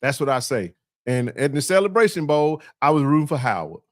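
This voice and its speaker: A man's voice: mid-range voice, sing-song, fairly quick, no echo, clean studio sound. A man hosting a casual sports chat, talking emphatically and repeating himself in playful trash talk.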